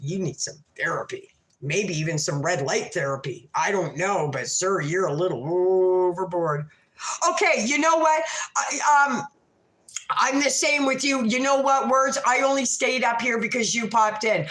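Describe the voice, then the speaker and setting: Casual woman host on a late-night stream, swears a lot, rambles and gossips, mid-pitched voice bouncing around an echoey room. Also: unhurried, fairly bright tone. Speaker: livestream host. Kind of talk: late-night livestream chat.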